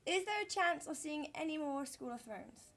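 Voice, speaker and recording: A woman's voice: high voice, lively intonation, normal speed, a crowd in the background. A woman interviewer asking eager questions, giggling often. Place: convention interview.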